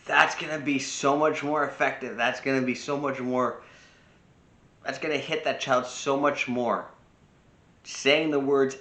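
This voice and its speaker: A man's voice: mid-range voice, fairly even intonation, unhurried, a bit bright, echoey room. A man giving casual spoken advice on parenting, talking freely with restarts and acting out short quoted lines. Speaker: personal growth speaker.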